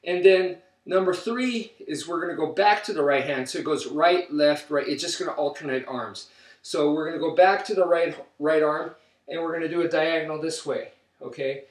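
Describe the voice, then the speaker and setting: A man leads a stick-fighting drill and counts each strike aloud as he moves. His voice sits a little high and comes from well back of the camera. The room around him is roomy and echoing. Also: moderate pace. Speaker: martial arts instructor. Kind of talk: instructional demonstration. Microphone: camera mic from a distance. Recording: roomy, distant camera audio.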